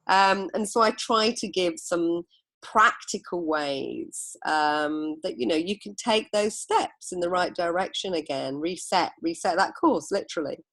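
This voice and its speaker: A woman's voice: lowish voice, a little slow, a bit bright, dry recording. A middle-aged woman from England, a book author, telling reflective anecdotes as a guest in a podcast interview.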